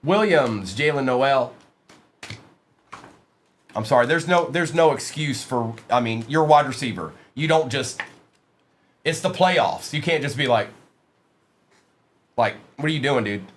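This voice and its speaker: A man's voice: mid-range voice, a little slow, pauses often, slight background noise. A man hosting a live sports card break, reading out player names from the pulls and chatting casually with viewers in the stream chat.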